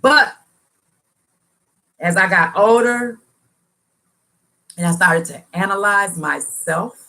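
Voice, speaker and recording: A woman's voice: medium pitch, takes it slowly, vocal fry, sharp tone. A woman hosting a casual livestream, talking earnestly in a preachy, slangy way and repeating phrases for emphasis. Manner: colloquial, slangy talk. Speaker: livestream host answering viewers. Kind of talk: casual live chat, motivational testimony.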